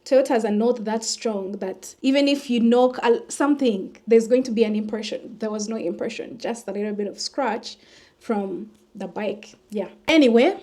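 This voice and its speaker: A woman, a vlogger telling a personal story in an animated way and acting out the dialogue. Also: a little high. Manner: animated retelling that acts out the dialogue.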